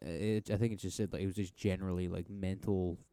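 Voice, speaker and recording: A man's voice: low voice, fairly even intonation, brisk, dark tone, no echo. A young man co-hosting a podcast, chatting casually in a crude, sardonic way and laughing often. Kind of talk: casual chat.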